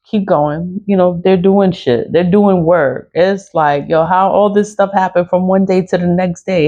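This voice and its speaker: A woman's voice: lowish voice, steady tone, measured pace, hardly any pauses, dark tone. A woman venting in a casual vlog, ranting and swearing, breaking into laughs between outbursts. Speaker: spiritual practitioner.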